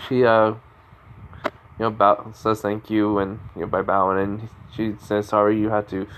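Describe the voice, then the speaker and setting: A man's voice: on the low side, little pitch movement, measured pace, fairly bright tone, slight background noise, poor audio. A man telling an improvised fan-fiction story in a rambling way, with frequent restarts and self-corrections.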